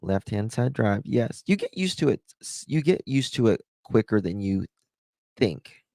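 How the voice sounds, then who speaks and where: Livestream host, a man, slow and rambling, with a dry, close sound and a low voice. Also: very animated, vocal fry, warm tone, dry recording. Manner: rambling, chatty, fills with "uh" and "like". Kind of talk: casual livestream chat, thanking viewers.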